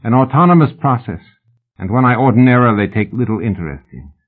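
A man's voice: mid-range voice, animated, fast, lightly acted. Man doing a cold, formal rich old collector. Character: wealthy old male collector, cold and precise. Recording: tinny phone-like sound.

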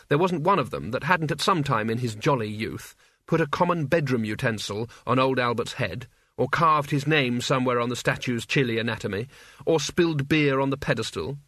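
A man reading a comic fantasy novel aloud as narrator, in a wry, measured storytelling manner. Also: mid-range voice, sharp tone, no echo, studio quality. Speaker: audiobook narrator. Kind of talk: scripted narration.

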